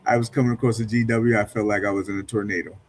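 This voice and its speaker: A man with a lowish voice chats in an easygoing way, often laughing at himself. It is casual live-stream talk. Faint noise sits behind him. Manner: laid-back, laughs easily, self-deprecating.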